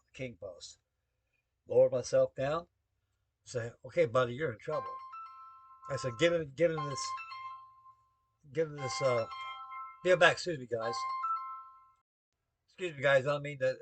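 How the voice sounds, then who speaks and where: Older navy vet rambling a salty story, dry close sound, folksy talk. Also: male voice, medium pitch, no echo. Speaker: navy veteran telling a story. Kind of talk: rambling spoken anecdote to the camera.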